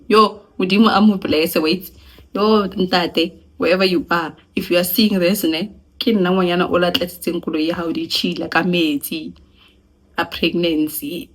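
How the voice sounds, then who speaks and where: A young South African woman with a South African accent, telling her own story in a casual, animated vlog, laughing and switching between languages. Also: lowish voice. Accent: South African (Sesotho-speaking). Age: young adult. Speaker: vlogger.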